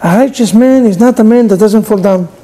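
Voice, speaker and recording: A man's voice: sits high, fairly quick, warm tone, rough recording. A male rabbi giving a sermon in non-native English, animatedly telling a story and acting out its dialogue.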